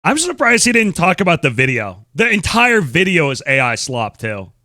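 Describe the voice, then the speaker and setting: A man talks on stream in a lively, swooping voice, blunt and openly disbelieving, with some swearing. His tone is bright and forceful. The sound is dry and close. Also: fairly high pitch, normal speed, no echo. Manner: blunt, incredulous, swears freely. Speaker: streamer host. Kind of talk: casual stream commentary.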